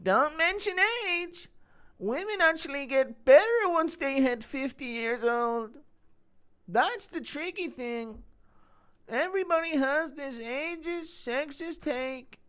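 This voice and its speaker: A female-sounding synthetic voice reading chat messages as a meek, preachy, self-pitying young man in a flat, measured way. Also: high voice, heavily acted.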